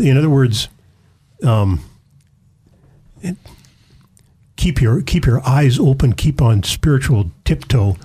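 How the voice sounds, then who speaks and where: A man, a pastor, earnestly explaining scripture in a casual discussion, slowing to stress key phrases. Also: mid-range voice, warm tone, breathy edge.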